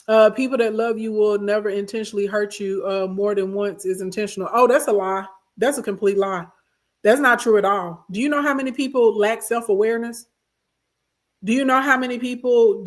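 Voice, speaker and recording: A woman with a mid-range voice runs a casual advice livestream, reading viewer comments and replying emphatically. She tends to repeat her points and keeps checking in with her audience.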